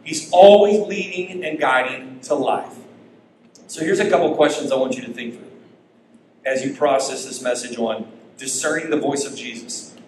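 A man preaching a sermon as pastor, emphatic, with his pitch rising and falling. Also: normal speed, darkish tone, a little hiss or hum. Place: church sanctuary. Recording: echoey church hall.

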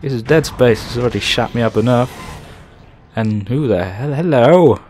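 A man talks over his horror game playthrough, sarcastic and quick with jokes, swearing freely. There is a faint hiss of noise under his voice. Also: mid-range voice, a little mellow. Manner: sarcastic, swears a lot, jokey asides. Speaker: gaming youtuber. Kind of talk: let's play commentary.

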